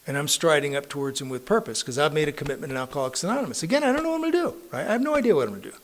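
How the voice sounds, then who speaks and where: Middle-aged man with a slightly raised pitch, telling a wry, self-mocking recovery story at a meeting. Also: expressive, racing. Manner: conversational, self-mocking, frequent tag questions. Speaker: AA meeting speaker. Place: recovery club meeting room.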